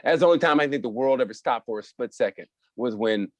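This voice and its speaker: A man's voice: medium pitch, quick pace. A man from Oklahoma co-hosting a podcast, telling stories in casual, profane chat. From Oklahoma, USA. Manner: profane, animated storytelling. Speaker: podcast co-host.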